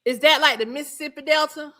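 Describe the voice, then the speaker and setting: A woman from Georgia with a Southern accent hosts a casual livestream. Her voice is bright and sits a little high. She talks in a chatty, easygoing way, laughing often as she reads out viewer comments. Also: fast talker. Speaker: livestream host.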